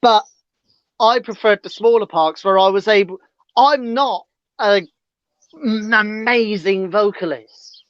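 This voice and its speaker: A man's voice: high-pitched, slow pace, pauses often, clean tone, no echo. A man chatting as a guest entertainer on a podcast, chatty and self-deprecating about himself. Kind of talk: casual podcast chat. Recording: dull lo-fi sound.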